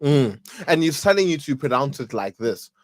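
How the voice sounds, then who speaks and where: A man from South Africa with a Pedi accent, speaking casually at a middle pitch. He answers mostly in brief, agreeable interjections, and his voice is recorded dry and close. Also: sing-song, normal speed, no echo. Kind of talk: casual chat.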